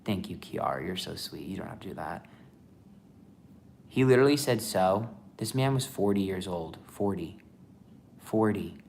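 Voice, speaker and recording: A man's voice: sits low, expressive, moderate pace, creaky, long pauses, darkish tone, slight background noise. A man chatting casually on a livestream as a tarot reader, rambling with lots of fillers.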